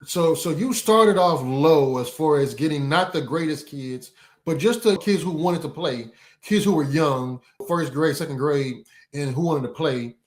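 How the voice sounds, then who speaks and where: A man's voice: fairly high pitch, a little slow, echoey room. A man hosting an interview, affirming and encouraging his guest. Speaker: podcast host. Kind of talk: interview host.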